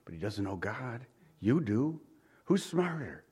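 A man preaching a sermon in a relaxed, conversational way. He keeps asking his listeners rhetorical questions. When he reads scripture aloud, he slows down and leans on the words. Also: medium pitch, husky. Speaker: pastor.

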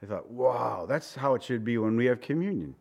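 A man's voice: animated, brisk, creaky, a little mellow, breathy edge. A man preaching a sermon in a conversational way, asking his listeners questions and acting out quoted voices. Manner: conversational, asks the congregation questions; acts out quoted voices with big pitch swings. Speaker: pastor.

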